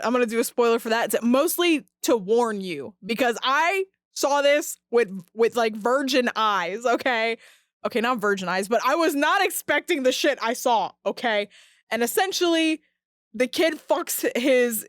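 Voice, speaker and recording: Woman podcast host, higher voice, dry close mic; casual, heated, profane rambler. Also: dry recording. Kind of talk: casual ranting podcast talk.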